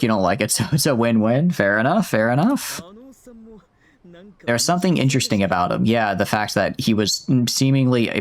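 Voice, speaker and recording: A young man casually streaming a game, reading the dialogue aloud and joking with his chat, with a slightly sore throat. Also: fairly low pitch. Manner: jokey, chatty, reads lines out with asides to chat.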